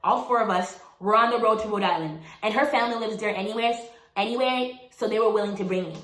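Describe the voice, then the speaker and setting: A woman in her twenties talks fast in a medium-pitched, fairly bright voice, telling a personal story in a casual, chatty way. She calls the listener "girl" and "honey," and the recording has a roomy echo.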